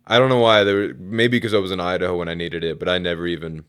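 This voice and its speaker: A man's voice: sits low, level tone, quick pace, fairly bright tone, clean tone. A man co-hosting a comedy podcast, telling jokes and stories in a laid-back way. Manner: laid-back, joking storyteller. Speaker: podcast co-host. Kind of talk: casual comedic podcast chat.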